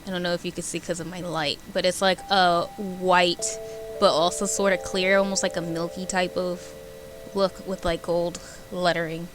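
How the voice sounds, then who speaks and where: A young woman streamer chatting casually with her viewers, animated and giggly, rambling between topics. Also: fairly low pitch, moderate pace, music in the background.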